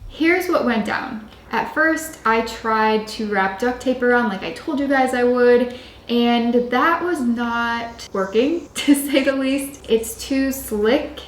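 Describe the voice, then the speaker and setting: Young female vlogger, casual and dry in tone, recorded in a roomy space with faint background noise. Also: takes it slowly. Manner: dry, low-key delivery with little pitch range. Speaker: craft channel host. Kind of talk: casual product-testing vlog. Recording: echoey room with faint hiss.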